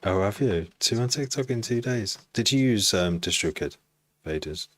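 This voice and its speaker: Man from Cheshire, music producer, casual rambling stream chat, deep voice. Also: expressive, normal speed, fairly bright tone. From Cheshire, England. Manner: rambling, chatty, full of asides.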